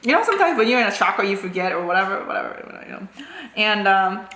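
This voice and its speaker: Brief: bright, chatty woman in her forties, food vlogger telling a story, echoey kitchen. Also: medium pitch, quick pace, a little hiss or hum. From South Korea. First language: Korean. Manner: chatty, animated, full of "like" and "right?". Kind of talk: casual storytelling.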